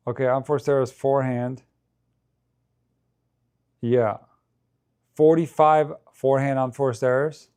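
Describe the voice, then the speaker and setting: A man's voice: mid-range voice, warm tone. A man giving casual live commentary on a match, thinking aloud and talking to his viewers.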